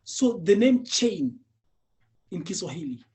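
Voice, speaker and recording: A man's voice: high voice, sing-song, unhurried, darkish tone. A man teaching Swahili, patiently drilling each word many times and chuckling often. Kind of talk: language lesson drilling.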